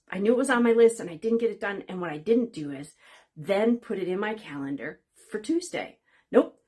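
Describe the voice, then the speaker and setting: A woman's voice: mid-range voice, slightly rough. A woman coach hosting her own channel, talking candidly and conversationally to her viewers, with a wry, sarcastic streak. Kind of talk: casual talking-head video.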